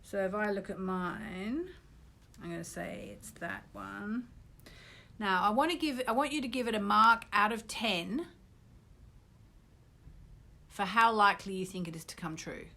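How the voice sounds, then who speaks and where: A middle-aged British woman who teaches astrology, guiding an online group through a manifestation exercise in a gently instructive way. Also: mid-range voice, unhurried, gravelly, long pauses. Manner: gently instructive, with bursts of loud ecstatic gratitude.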